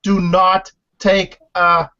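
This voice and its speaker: A man, a former reality show contestant, telling house stories in a casual podcast interview, animated and loud when mimicking others. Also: sits high, very slow. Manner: animated storyteller, shouts when imitating others. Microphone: online call. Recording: lo-fi online call audio.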